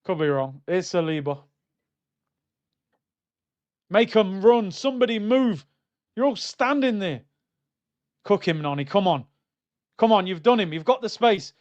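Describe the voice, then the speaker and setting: A young man reacting live to a football match on stream, swinging between loud outbursts and low muttering. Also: animated, measured pace, pauses often, highs cut off. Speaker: watchalong streamer.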